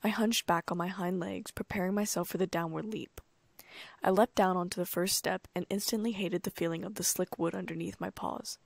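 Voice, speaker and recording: A woman narrating a first-person audiobook in a calm, even storytelling manner. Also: on the low side, brisk, vocal fry, dry recording.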